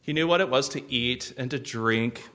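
A man preaching a sermon as pastor, earnest and gentle, with sudden swells of intensity. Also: medium pitch, moderate pace.

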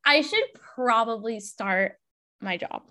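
A woman's voice: a little high, lively intonation, takes it slowly, sharp tone. A young woman hosting a podcast, chatting in a bubbly, rambling way with lots of "like". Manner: bubbly, chatty, heavy use of "like". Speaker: podcast host. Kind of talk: casual podcast conversation.

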